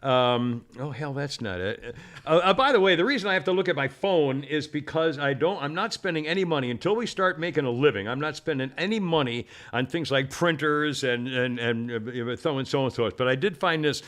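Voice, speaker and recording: A middle-aged man with a slightly higher-pitched voice, hosting a podcast in a loose, chatty way. He rambles, stops and restarts himself, and laughs often as he tells his stories. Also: expressive, fairly quick, fairly bright tone. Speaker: podcast host. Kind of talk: casual rambling chat.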